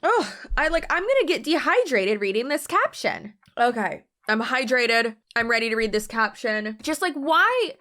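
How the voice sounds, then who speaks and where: A young woman hosts her channel with a bright, lively voice that swings high and low. She is tired but animated, full of sarcasm and quick laughs, and she talks in a loose, chatty way. Her tone stays bright and forceful all through. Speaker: host. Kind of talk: casual commentary.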